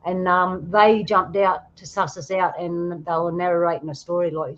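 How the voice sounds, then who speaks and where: Casual Australian woman host, low-ish voice, chatty storyteller, muffled lo-fi audio. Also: steady tone, normal speed, few pauses. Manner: laughing, storytelling, acts out quoted voices. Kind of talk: casual chat showing photos.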